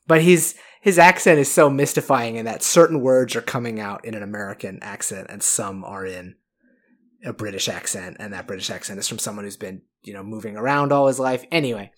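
A man co-hosting a podcast in casual chat, rambling and self-deprecating. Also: on the low side. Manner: rambling, self-deprecating, quick to imitate voices. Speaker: podcast co-host.

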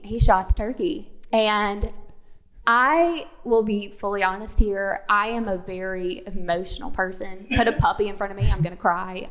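A woman candidly telling an animated personal story in a casual chat. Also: mid-range voice.

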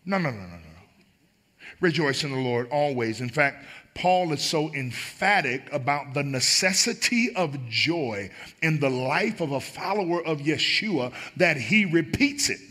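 A man's voice: on the high side, expressive, a little slow, sharp tone. A man preaching a sermon as pastor, emphatic and building on repeated phrases.

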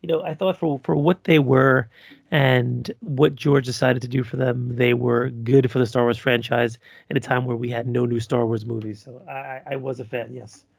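A man co-hosting a casual podcast, answering in a measured way and thinking aloud. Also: medium pitch, steady tone, creaky, husky, dry recording, clean studio sound. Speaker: podcast co-host. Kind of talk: casual chat.

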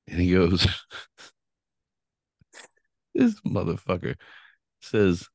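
A man's voice: deep voice, animated, slow, long pauses, darkish tone, breathy edge, no room sound, clean studio sound. A man hosting a casual podcast, telling crude stories with lots of swearing and laughter. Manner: profane, laughing storyteller. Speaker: podcast host.

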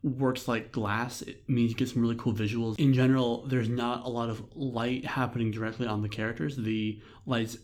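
A man co-hosting a podcast, chatting enthusiastically about animated films and quoting scenes. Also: medium pitch, normal speed, few pauses. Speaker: podcast co-host. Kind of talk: casual film discussion.

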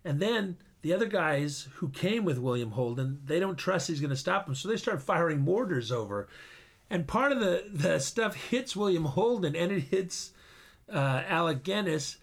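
A man's voice: a little high, lively intonation, moderate pace, vocal fry. Hesitant man retelling a film plot. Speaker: podcast co-host. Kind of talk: casual chat.

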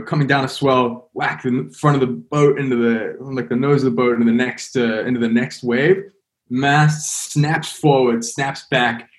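A man, a podcast guest, telling a story in a casual, animated way, with lots of fillers and restarts. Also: mid-range voice. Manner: animated, rambling, heavy on fillers.

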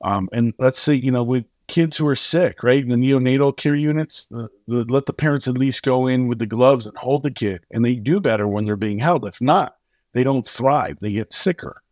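A man's voice: medium pitch, normal speed, no room sound, studio quality. A middle-aged man, a singer-songwriter and charity co-founder, telling a long story in an interview and acting out the dialogue as he goes. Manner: animated storyteller who acts out dialogue.

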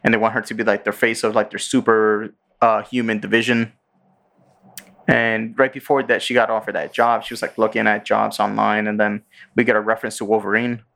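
A man's voice: lowish voice, level tone, brisk, vocal fry, a bit bright. Male podcast host, loose rambling recap, fillers, acts out quotes. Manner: rambling, filler-heavy, acts out character lines. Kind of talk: casual chat, recapping a show.

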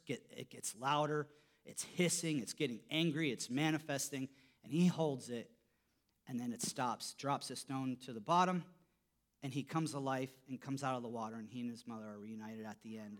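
A man preaching a sermon, telling a story, his voice dropping soft for quotes and rising when he stresses a point. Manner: storytelling, voice drops low for quoted lines and rises when emphatic. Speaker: pastor.

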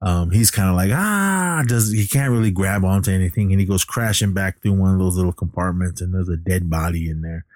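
A man's voice: sits low, fairly even intonation, fast, hardly any pauses, darkish tone, no echo, clean studio sound. A man casually retelling a film's plot, rambling with lots of fillers and restarts. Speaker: film recapper. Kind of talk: casual movie plot recap.

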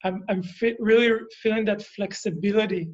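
High-voiced hesitant man, lo-fi sound. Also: moderate pace. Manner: hesitant, filler-heavy. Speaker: workshop participant. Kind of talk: casual chat.

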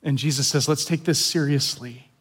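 A man's voice: a little high, steady tone, normal speed, a bit bright, husky. A man pastor giving a sermon in an earnest, confessional way, often repeating words as he stresses a point.

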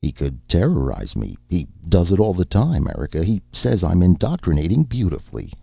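A man's voice: deep voice, huge pitch swings, fairly quick, creaky, husky, dry recording, pitched above the performer's own voice, full character voice. A man voicing a gloomy, plaintive male writer in a spoken story. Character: gloomy, put-upon male screenwriter. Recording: dull lo-fi, dry.

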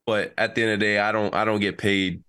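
A man's voice: fairly low pitch, fast, clean tone, dry recording, clean studio sound. A young man, a college football player, telling in casual chat how a play went, acting out what people said. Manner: animated storytelling, acts out quotes.

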